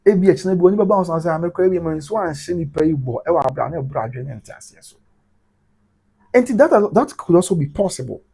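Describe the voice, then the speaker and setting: Husky, fast-talking Ghanaian man streaming live. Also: a little high, warm tone. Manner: switches between Twi and English, laughs often. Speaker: live-stream host reading viewer comments. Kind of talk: casual live-stream commentary.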